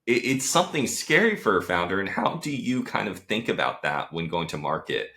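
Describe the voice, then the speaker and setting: A man's voice: low-pitched, sing-song, a little fast, sharp tone. A man hosting a podcast, setting up a thoughtful question in a casual interview. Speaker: podcast host.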